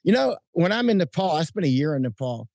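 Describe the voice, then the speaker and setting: A middle-aged man chatting outdoors at night as an interview guest, telling animated stories with frequent restarts and chuckles. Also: a little high, fast talker, creaky, no echo, studio quality. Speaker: interview guest, combat correspondent. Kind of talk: casual interview chat. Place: outdoors at night under lights.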